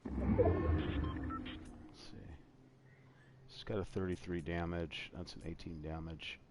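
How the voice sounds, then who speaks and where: A man's voice: low-pitched, level tone, moderate pace. A man hosting while playing a video game, chatting casually and teasing his friend over an online voice chat. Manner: teasing, blunt. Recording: loud background noise over game chat.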